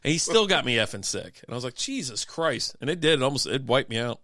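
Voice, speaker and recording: A man's voice: medium pitch, lively intonation, rapid-fire, sharp tone, dry recording, studio quality. A man chatting casually as co-host of a beer and sports stream, rambling through profane stories with frequent laughs while sick with a cough. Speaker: podcast co-host.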